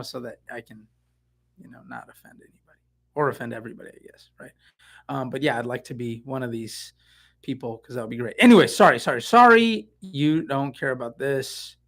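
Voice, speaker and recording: On a laid-back live stream, this middle-aged man from the San Francisco Bay Area, who sells real estate, chatters with excitement, piling on fillers and asides. He talks fast at a medium pitch.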